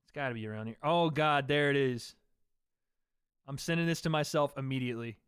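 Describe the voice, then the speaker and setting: A man's voice: mid-range voice, brisk, a bit bright, smooth, dry recording, studio quality. A man hosting a fight watch-party livestream, giving play-by-play commentary. He is chatty, swears freely and talks to his chat between calls. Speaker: livestream host.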